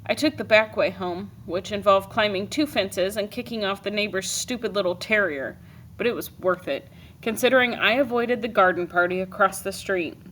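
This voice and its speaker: A woman teacher reading a novel aloud to her class, expressive with dry comic timing. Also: mid-range voice, normal speed, a little hiss or hum.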